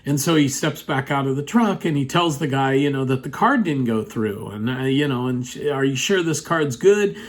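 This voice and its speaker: A man's voice: medium pitch, normal speed, hardly any pauses. A man telling a personal story in a casual, rambling way, full of "you know" fillers, sitting at his computer indoors.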